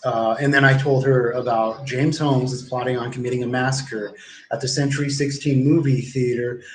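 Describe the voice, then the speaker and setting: A man's voice: mid-range voice, steady tone, normal speed. Profane rambling man in his forties. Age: 40s. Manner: profane, rambling, acts out others' lines in quotes. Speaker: livestreamer. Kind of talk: rambling first-person storytelling. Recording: echoey room with faint background noise.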